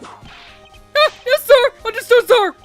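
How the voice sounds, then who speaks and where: A woman's voice: extremely high pitch, slow, faint music behind, pitched above the performer's own voice. A woman voicing an eager, loyal male police detective, reading game dialogue on a stream. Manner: loud, eager shouting.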